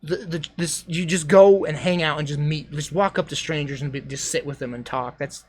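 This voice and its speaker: Male streamer with a high-ish voice, loose self-mocking chatter over a hissy, noisy mic. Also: steady tone, darkish tone. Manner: rambling, self-deprecating, quick to exclaim. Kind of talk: casual commentary over old travel videos.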